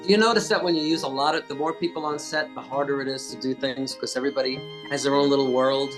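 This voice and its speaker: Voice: medium pitch, fairly even intonation, quick pace. Chatty interviewer over guitar music. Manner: chatty, laughs a lot, praises guest. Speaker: festival interviewer. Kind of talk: casual video call interview. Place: rural Virginia. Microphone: video call.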